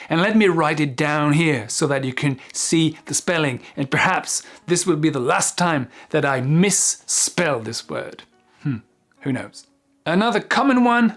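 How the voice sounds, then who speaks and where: A French teacher speaking slow, careful English. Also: male voice, fairly high pitch, animated, soft background music. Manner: slow, carefully articulated, with frequent ums. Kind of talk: casual video lesson.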